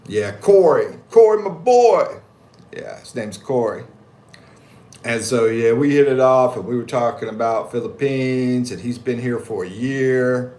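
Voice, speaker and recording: A man's voice: medium pitch, a little slow. A man on a casual livestream, telling a story in a jokey, slangy way and reading viewer comments aloud. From United States. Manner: animated, slangy, jokey, reads chat aloud. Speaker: livestream vlogger. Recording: echoey room, faint background ambience.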